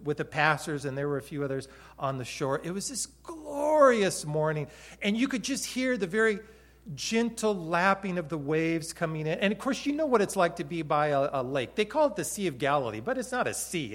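Male pastor, sermon, storytelling, fairly high voice, loud then soft. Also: animated, brisk. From Hawaii. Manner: storytelling with big swings between loud and soft.

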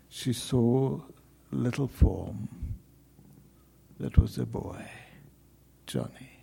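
A man preaching a sermon, telling a story dramatically, with sudden loud calls and hushed, whispered passages. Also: fairly high pitch, vocal fry, slightly rough.

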